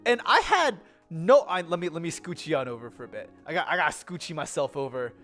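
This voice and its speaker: A woman's voice: on the low side, normal speed, few pauses, soft background music. Bubbly American woman vlogger. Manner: animated, bubbly, giggly storytelling. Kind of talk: casual chatty vlog with slides.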